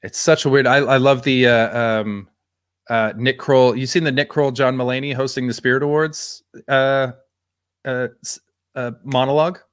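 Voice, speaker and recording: A man's voice: medium pitch, steady tone, moderate pace, clear, resonant tone. A man in his thirties co-hosting a podcast, chatting casually and enthusiastically with a friend. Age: 30s. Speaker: podcast co-host. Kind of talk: casual chat watching a video.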